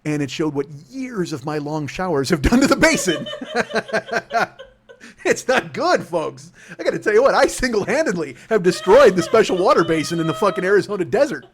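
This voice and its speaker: A man's voice: high-pitched, sing-song, moderate pace, a little hiss or hum. A man in his forties hosting a comedy podcast, ranting in a rambling, profane way and laughing through his own bits. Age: 40s. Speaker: podcast host.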